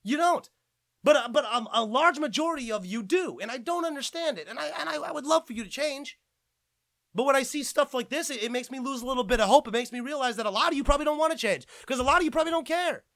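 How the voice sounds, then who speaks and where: A man's voice: extremely high pitch, expressive, fast talker, fairly bright tone, dry recording. A man hosting a gaming podcast, ranting with lots of swearing and fired-up outbursts. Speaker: podcast host.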